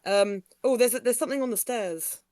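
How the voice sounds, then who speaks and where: A woman's voice: fairly high pitch, brisk, warm tone, slight background noise. A woman streamer playing a game, chatty and giggly, reading lines and joking with her co-host. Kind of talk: casual game-playing chat.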